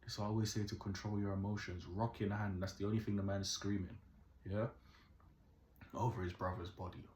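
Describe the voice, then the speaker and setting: Young Caribbean-born male storyteller, very deep voice, lively and preachy, roomy echo. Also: brisk, a little hiss or hum. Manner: animated, keeps asking "yeah?", moralizing. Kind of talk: casual storytelling to camera. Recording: echoey room.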